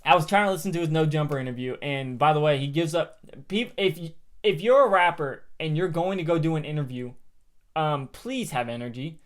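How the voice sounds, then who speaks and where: A young man co-hosting a podcast in casual chat, animated and swearing as he rants and laughs. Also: on the high side, a little fast. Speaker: podcast co-host.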